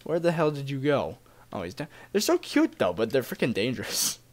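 A young man talks his viewers through a game in a loose, chatty way, his pitch leaping up when something catches his eye. His voice sits at an everyday middle pitch, with a faint hiss under the recording. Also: wildly swooping pitch, a little fast. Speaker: Let's Play gamer. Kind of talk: casual gameplay commentary.

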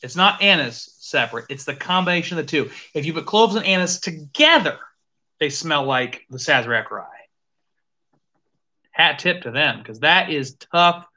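A host casually chatting through a live whiskey tasting, animated, thinking aloud and swearing now and then. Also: mid-range voice, normal speed.

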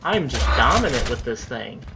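A man's voice: medium pitch, very animated, moderate pace, vocal fry. A young man giving live gameplay commentary, swearing and ranting when things go wrong. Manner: profane, easily riled, ranting. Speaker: gaming commentator. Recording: loud game noise behind voice. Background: gunfire and game sounds.

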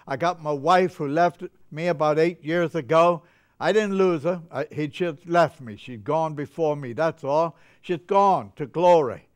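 An older male preacher delivers a chapel sermon with fervent, joyful energy that runs away with him. His voice sits a little high for a man. It stays smooth and resonant throughout. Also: a little slow. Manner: fervent, gets carried away with joy.

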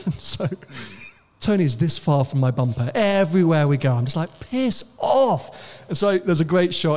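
Excitable podcast host on stage. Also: male voice, a little high. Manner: excitable storyteller, animated and joking. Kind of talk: live podcast banter. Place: stage before a live audience.

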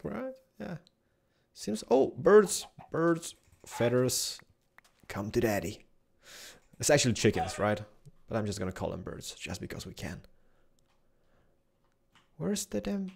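A young man giving excitable Let's Play commentary, exclaiming and chatting to the animals he finds. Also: mid-range voice, gravelly, slightly rough. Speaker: gaming YouTuber.

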